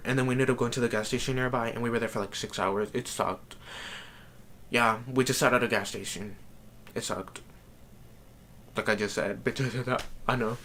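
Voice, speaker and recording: A man's voice: mid-range voice, fairly bright tone, a little hiss or hum. Chatty, profane young man vlogging. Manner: chatty and profane, heavy on "like" fillers. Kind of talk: casual storytelling vlog.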